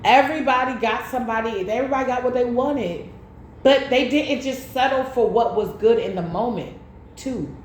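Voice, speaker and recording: Animated woman in an echoey room. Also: fairly high pitch, normal speed. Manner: animated storytelling with slang. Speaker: tarot reader. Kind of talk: casual chat. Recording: echoey room with faint noise.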